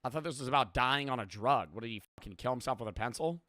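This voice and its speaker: A young man streaming, telling stories in a rambling, profane, animated way. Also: medium pitch, fast talker, no room sound, studio quality. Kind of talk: casual reaction stream storytelling.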